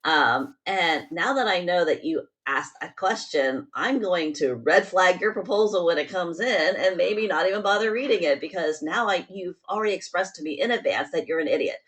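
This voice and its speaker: A woman's voice: lowish voice, animated, normal speed, hardly any pauses, a bit bright. A woman hosting a podcast, talking bluntly and with exasperated asides in casual chat. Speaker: podcast host.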